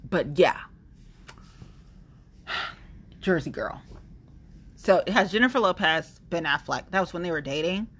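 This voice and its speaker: A young woman talking in a casual monologue, rambling and animated, with blunt opinions and lots of fillers. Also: fairly low pitch. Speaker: vlogger sharing opinions.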